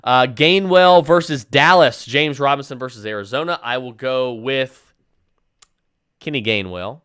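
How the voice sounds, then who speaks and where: Emphatic man giving quick sports picks. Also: medium pitch, a bit bright, clear, resonant tone, no echo, studio quality. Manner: emphatic, decisive picks with many fillers and restarts. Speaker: podcast host answering listener questions. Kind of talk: rapid-fire fantasy football advice.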